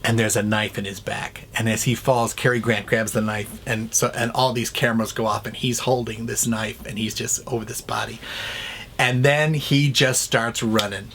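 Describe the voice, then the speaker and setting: A man's voice: fairly low pitch, steady tone, moderate pace, background noise. A man reviewing a classic film in a chatty way, retelling scenes and acting out the lines.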